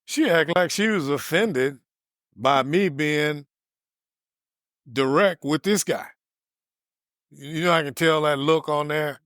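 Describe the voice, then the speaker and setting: A man's voice: on the high side, slow, pauses often, fairly bright tone, no echo, clean studio sound. A man co-hosting a podcast, retelling a customer service run-in in casual chat and acting out both sides. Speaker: podcast co-host.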